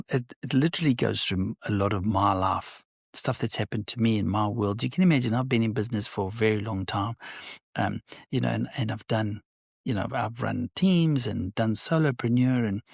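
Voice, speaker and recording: Business-owner guest, male, gravelly and a bit husky, animated storyteller, dry close sound. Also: mid-range voice, dry recording. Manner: animated storyteller, acts out quoted dialogue. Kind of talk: conversational interview.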